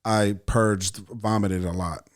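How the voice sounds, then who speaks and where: Man, from El Salvador, podcast guest, low-pitched, cursing, animated storytelling. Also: slow. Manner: profane, animated storyteller acting out his own thoughts. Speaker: podcast guest, actor and writer. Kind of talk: casual storytelling chat.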